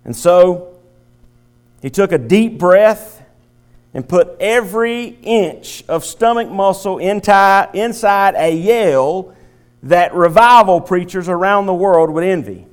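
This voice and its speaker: A male pastor giving a sermon, pausing often with fillers as he makes announcements and tells a story. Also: sits high, smooth. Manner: halting, many filler pauses.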